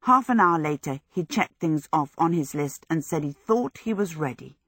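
A woman reading a novel aloud in steady, even audiobook narration on a close microphone. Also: low voice, moderate pace, breathy edge, dry recording.

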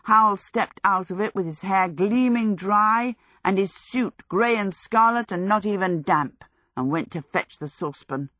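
With a mid-range voice, a woman tells an audiobook story in a measured, even manner. The studio-quality recording has no echo.

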